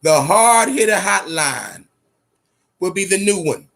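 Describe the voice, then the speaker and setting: Boxing host guy, amped up, swearing a lot, bright tense voice that swoops all over. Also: sits high, big pitch swings, slow pace, gravelly. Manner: profane, hyped-up, repeats himself. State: amped up, fidgety. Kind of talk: casual livestream talk.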